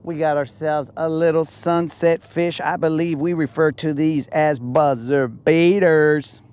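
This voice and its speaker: A man's voice: on the high side, fairly even intonation, a little mellow, clear, resonant tone. Laid-back young man on a fishing boat. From New Mexico. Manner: laid-back, jokey, drawn-out playful lines. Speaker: fishing vlogger. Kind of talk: casual storytelling while bass fishing. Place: on a boat on a lake outdoors.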